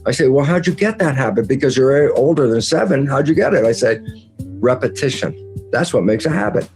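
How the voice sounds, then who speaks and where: A man explains ideas at a medium pitch, jumping into lively acted-out quotes of his own conversations. Faint music plays underneath him. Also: brisk. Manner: animated, acts out his own quoted dialogue. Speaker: interview guest.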